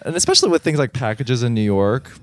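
A man's voice: mid-range voice, expressive, fast, no echo, clean studio sound. A man co-hosting a podcast, responding supportively and reacting with big exclamations. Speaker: podcast co-host. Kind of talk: casual podcast chat.

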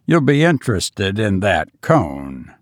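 A man's voice: on the low side, big pitch swings, slow pace, dry recording, studio quality, voice pushed down. A man voicing a brooding, menacing ironworks master in a storybook reading, talking on and on with grim relish. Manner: loquacious, showing off with grim relish.

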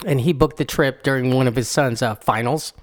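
A man's voice: medium pitch, brisk. A man co-hosting a podcast, telling stories in a laid-back, chatty way. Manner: laid-back storytelling, laughs often. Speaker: podcast co-host. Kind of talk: casual chat.

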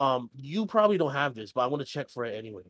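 A young man chatting casually on a podcast at a middle pitch, recorded close and dry. He rambles through a story, swears freely and slips into quick impressions of the people he quotes. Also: big pitch swings, fairly bright tone, no room sound. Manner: rambling, swears freely, acts out both sides of dialogue. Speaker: podcast co-host.

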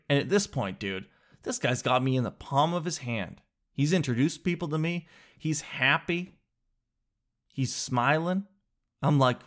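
A man telling a comic story in a casual vlog. He talks in an animated, slangy way, says "dude" a lot, and jumps up in pitch for emphasis. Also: unhurried, pauses often. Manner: animated, exaggerated, swings to high emphasis.

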